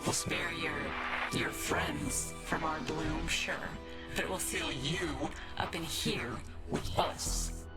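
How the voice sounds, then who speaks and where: A man's voice: a little high, fairly even intonation, slow pace. A man voicing a bitter, scornful ghostly crew of the dead in a video game, with music playing behind. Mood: menacing. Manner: scornful, accusing.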